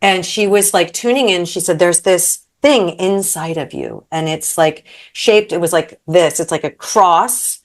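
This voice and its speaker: A woman's voice: lowish voice, big pitch swings, measured pace, hardly any pauses. A woman in her thirties, a podcast guest, telling a story in casual chat and acting out quotes, with many fillers.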